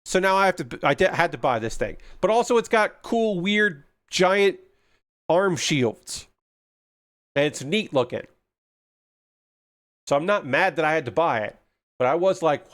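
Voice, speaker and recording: A man's voice: on the high side, unhurried, long pauses. Rambling, swearing male hobby streamer. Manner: rambling, muttering to himself, swears casually; excitable, gushing about kits. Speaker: livestreamer building model kits. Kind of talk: casual livestream chat.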